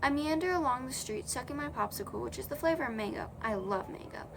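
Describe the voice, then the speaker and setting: A woman's voice: sits high, animated, fast, vocal fry, noisy background. A young woman reading a children's novel aloud in a casual way, correcting her own slips as she goes. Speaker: audiobook reader.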